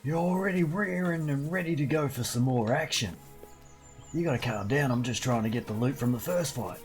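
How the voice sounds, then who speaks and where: A young Australian man streams a video game, chatting in a rowdy, joking way with lots of swearing and affectionate talk aimed at an in-game dog. His mid-range voice is brisk, and soft music plays behind him.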